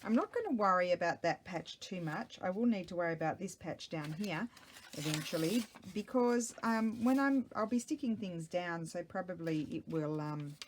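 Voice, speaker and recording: A woman's voice: lowish voice, lively intonation, moderate pace, slight background noise. A middle-aged woman, chatting casually and rambling to herself while she works on a craft project at home. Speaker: craft vlogger. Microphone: small microphone.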